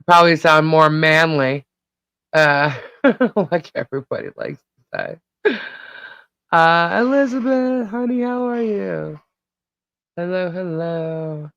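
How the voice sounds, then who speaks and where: A woman hosting a live stream, casually greeting chat viewers by name, her voice a little hoarse and laughing often. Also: on the low side, slow, long pauses, fairly bright tone, dry recording. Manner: chatty, laughs often, reads out viewer names. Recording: dull lo-fi stream audio.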